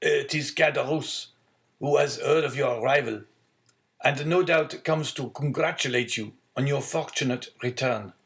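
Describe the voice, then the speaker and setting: A man voicing a frail, poor old father who talks weakly and gently in an audiobook story. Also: medium pitch, normal speed, vocal fry, pitched above the performer's own voice. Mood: gentle. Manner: weak, self-effacing.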